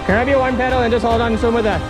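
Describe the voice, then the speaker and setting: A man's voice: very high voice, fairly even intonation, rapid-fire, over loud music. A man chatting with his family outdoors on a river, often tagging "eh?" onto his lines. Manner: chatty, ends lines with a tag "eh?". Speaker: family vlogger, father. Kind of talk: casual chat on an outdoor trip.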